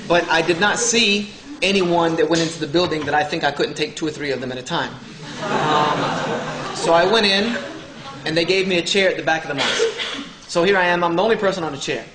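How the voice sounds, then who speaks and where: A man's voice: fairly high pitch, heavy background noise. A man telling a humorous personal story to an audience, acting out the dialogue of others. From Southern United States. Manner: joking, acts out the dialogue of others. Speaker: speaker telling his story. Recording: echoey hall with faint ambience.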